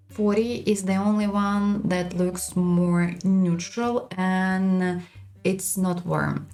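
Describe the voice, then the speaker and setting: A woman giving a frank, unhurried makeup product review as a beauty vlogger. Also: medium pitch, dark tone.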